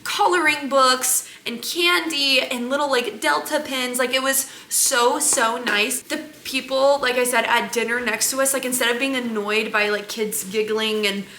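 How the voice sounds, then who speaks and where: A young woman vlogger telling a family travel story in a chatty, animated way, full of "like". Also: sits high, moderate pace, few pauses. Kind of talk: casual storytelling chat. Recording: echoey room, faint noise.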